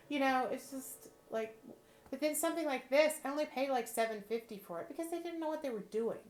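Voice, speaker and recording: A woman's voice: on the high side, animated, quick pace. A woman, chatting playfully as she shows off jewelry she resells. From Texas. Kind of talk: casual chat. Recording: roomy echo.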